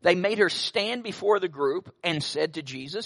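A man's voice: high-pitched, expressive, moderate pace, vocal fry, hardly any pauses, fairly bright tone. A middle-aged male pastor preaching a sermon, telling stories with wry asides.

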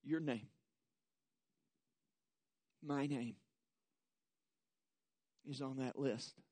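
A man preaching a sermon as pastor, slow and measured, building to emphatic repetition and leading the congregation in reciting scripture. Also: mid-range voice, darkish tone, no echo.

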